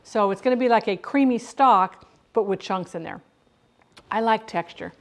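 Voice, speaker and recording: A middle-aged woman chats with her live-stream audience in a mid-range voice at a moderate pace as she prepares food in her home kitchen. She tends to ramble and keeps restarting her thoughts.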